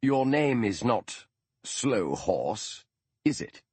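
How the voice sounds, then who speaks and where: A man reading the part of Sherlock Holmes, an earnest, shaken detective who asks halting, urgent questions. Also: mid-range voice, big pitch swings, darkish tone, slightly rough, no room sound, voice pushed up, heavily acted.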